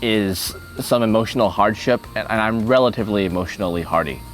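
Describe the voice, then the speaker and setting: A man's voice: on the low side, a little fast, music in the background. A man hosting a casual chat, thinking aloud, often laughing, with restarts as he answers questions. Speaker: channel host answering questions.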